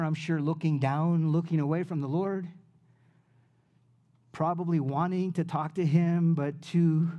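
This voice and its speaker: A male pastor preaching a sermon in a relaxed, conversational way, leaning on slang. His voice sits a little high yet sounds warm and mellow, and he swings from loud to near-whispered passages as he tells the story. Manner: casual, uses slang like dude and man.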